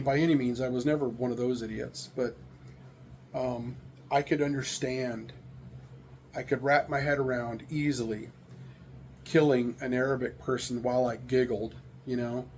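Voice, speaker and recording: Gravelly middle-aged man musing casually. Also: mid-range voice, a little mellow, slight background noise. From American. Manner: rambling, candid storytelling with frequent fillers. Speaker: vlogger sharing opinions. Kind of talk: casual monologue.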